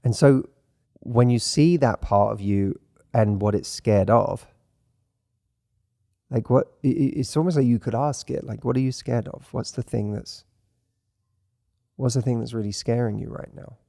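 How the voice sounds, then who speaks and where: A man, the host, talking through dating fears in a reflective, gentle way. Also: mid-range voice, unhurried, creaky, pauses often, dry recording, studio quality. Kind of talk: conversational advice.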